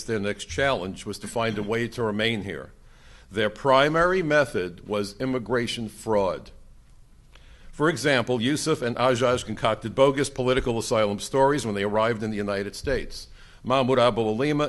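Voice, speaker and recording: An older man speaking to a conference audience, emphatic and fond of rhetorical questions. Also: mid-range voice. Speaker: conference speaker, former immigration agent. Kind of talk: conference speech to a live audience. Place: conference room.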